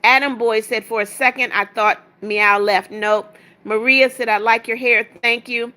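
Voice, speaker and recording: A woman's voice: on the high side, steady tone, unhurried, pushed and bright. A woman hosting a casual livestream, reading viewer comments aloud and answering them in a blunt, sassy way. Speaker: livestream host reading chat.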